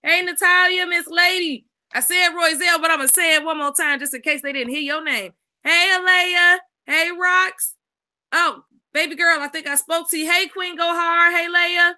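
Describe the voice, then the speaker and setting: A woman co-hosts a casual live stream. She rattles off viewers' names in quick greetings. Her voice sits very high and rings sharply bright. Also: steady tone. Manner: rapid-fire greetings of viewers by name. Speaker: co-host doing the roll call.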